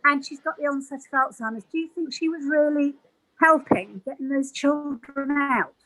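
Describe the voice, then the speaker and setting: A woman's voice: high voice, normal speed, noisy background. A woman who works as a caregiver, earnestly telling an emotional personal story on a video call.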